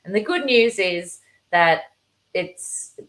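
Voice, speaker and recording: Brief: low-pitched woman in her fifties, teacher, animated storyteller who slips into voices. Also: slow, poor audio. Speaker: guest, teacher. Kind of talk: conversational interview.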